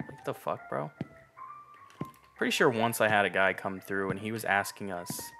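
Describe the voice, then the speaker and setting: A young man with a fairly low voice rambles through let's play commentary, swearing freely and sarcastic about everything he sees. Faint game music plays behind his voice. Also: lively intonation, normal speed, vocal fry, pauses often, bright, forceful tone. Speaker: gamer.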